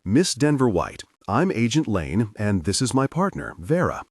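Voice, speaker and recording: A plain-spoken male agent talks in a steady, matter-of-fact tone, as a male narrator voices him. The voice is low and husky, recorded close and dry. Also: moderate pace, no room sound. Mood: formal. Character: earnest male government agent.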